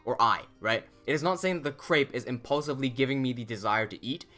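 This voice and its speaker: A man narrating a scripted language lesson, speaking in a measured, deliberate way and stressing key words, with faint music behind. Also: mid-range voice, bright, forceful tone. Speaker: language teacher.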